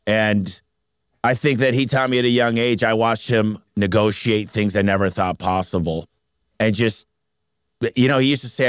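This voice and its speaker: A man with a lowish voice tells stories as a business owner being interviewed. He is energetic and animated, slipping into the voices of the people he quotes. The sound is close and dry. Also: normal speed, clean tone, dry recording. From Michigan. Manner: energetic, animated storyteller who acts out quotes. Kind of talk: casual storytelling interview.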